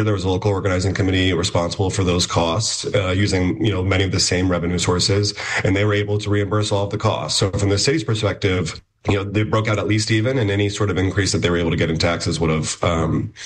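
A man appearing as a reporter guest on a radio interview, explaining in an analytical way with many "you know" fillers and restarts. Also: low voice.

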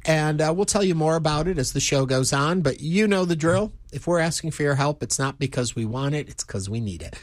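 A man's voice: a little high, expressive, a little fast, few pauses, dry recording, clean studio sound. A man hosting a public radio show, chatting casually with a co-host and making a friendly pledge appeal. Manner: chatty, rambling, upbeat. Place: radio studio.

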